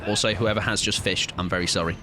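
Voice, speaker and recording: A man with a British accent giving animated live gaming commentary, swearing and laughing a lot. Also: sits low, quick pace. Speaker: streamer. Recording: game music playing under the voice.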